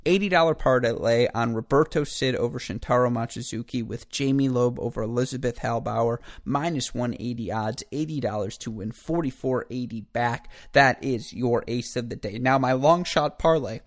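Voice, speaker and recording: A man's voice: mid-range voice, moderate pace, hardly any pauses. Male host, casual betting rundown, talkative, mid-range voice, self-correcting delivery. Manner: chatty, rambling, self-correcting. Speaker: tennis betting podcast host.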